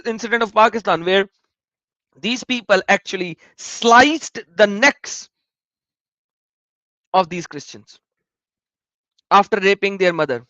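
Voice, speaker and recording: A man's voice: sits high, fairly bright tone, no room sound, muffled recording. A man giving emphatic, repetitive, indignant commentary on a video blog while reading out search results. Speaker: vlogger.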